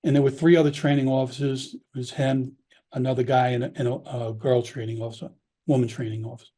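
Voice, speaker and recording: A man's voice: mid-range voice, little pitch movement, fast talker, dark tone, slightly rough. Candid New man telling stories. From Long Island, New York. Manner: candid, rambling, with frequent restarts and quoted dialogue. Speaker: podcast guest, former police officer. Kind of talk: casual storytelling.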